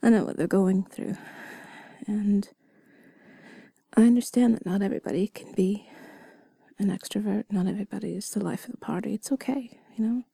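A young woman murmurs a whispered role-play close to the mic, her breathy whisper carrying a gravelly edge. She is intimate and giggly and pokes fun at herself, and the sound is dry with no room around it. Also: mid-range voice, normal speed, mellow, no room sound. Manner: intimate, giggly and self-deprecating, mostly whispered. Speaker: audio role-play creator.

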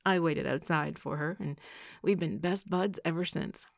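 A woman's voice: sits low, normal speed, gravelly, dry recording, clean studio sound. A woman reading the part of a playful, teasing young man in an audiobook, speaking grandly and boisterously.

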